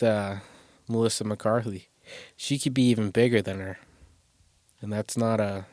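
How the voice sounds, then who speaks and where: A man's voice: lowish voice, darkish tone, no echo. Rambling, crude man on a dry mic. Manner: rambling, crude, self-deprecating, lots of swearing. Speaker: podcast host. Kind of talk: casual solo podcast monologue. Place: small closet.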